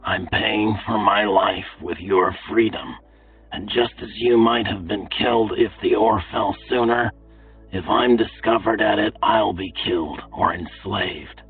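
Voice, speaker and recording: A man voicing a gruff, brutal male slave overseer who talks in a low, menacing whisper. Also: measured pace. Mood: hushed urgent. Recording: tinny phone-like, distant, faint music.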